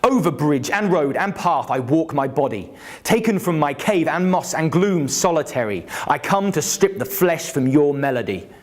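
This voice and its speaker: A man reading the lines of a menacing male monster from a cave, in slow, heavily stressed rhythmic verse. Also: fairly high pitch, expressive, close to an everyday voice.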